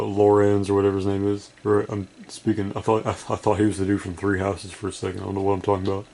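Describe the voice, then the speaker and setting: The voice is on the low side and a little mellow, with a bit of hiss or hum on the recording. It belongs to a gaming video creator running on little sleep, offering rambling, foul-mouthed, self-deprecating remarks as he plays.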